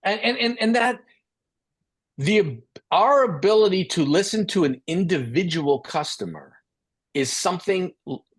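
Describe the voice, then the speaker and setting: A man's voice: high voice, unhurried, husky. A middle-aged man speaking as the expert at a business talk, telling a story and acting out the dialogue. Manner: animated, acts out dialogue.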